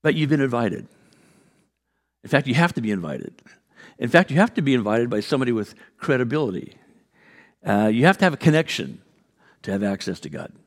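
A man's voice: medium pitch, brisk, long pauses. A man from California preaching a sermon as a pastor, telling a story with lots of fillers and restarts and acting out the people in it. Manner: animated storyteller, acts out quotes, many fillers and restarts.

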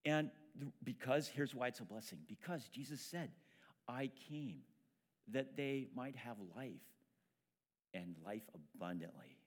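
A man's voice: medium pitch, animated, unhurried. A man preaching a sermon as pastor, talking in a conversational way with frequent restarts.

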